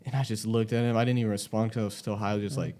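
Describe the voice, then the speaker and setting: Young man, podcast host, casual storytelling, profane, slightly low voice. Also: little pitch movement, very fast, dark tone. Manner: profane, rambling, laughs often.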